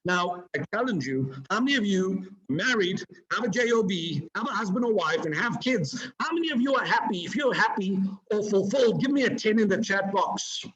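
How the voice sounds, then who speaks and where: High voiced guy hyping up a webinar crowd, preachy and punchy, muffled call audio. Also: normal speed, hardly any pauses. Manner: energetic, preachy, swings pitch and pace for emphasis. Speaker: motivational speaker. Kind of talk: motivational webinar talk. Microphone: video call.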